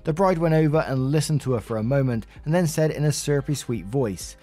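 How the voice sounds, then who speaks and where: Give me a man narrating online stories in a relaxed way with wry comments, faint music under him. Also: a little high, fairly quick, hardly any pauses. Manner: casual, wry asides between readings. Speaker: story narrator. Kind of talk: reading online posts aloud with casual comments.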